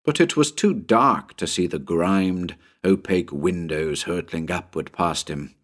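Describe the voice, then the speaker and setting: A man with a very deep voice reads a horror tale slowly and with suspense. His delivery is unhurried, and his pitch swings widely to build tension around each scene. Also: animated. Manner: measured, suspenseful storytelling. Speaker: narrator. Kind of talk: dramatic audiobook narration.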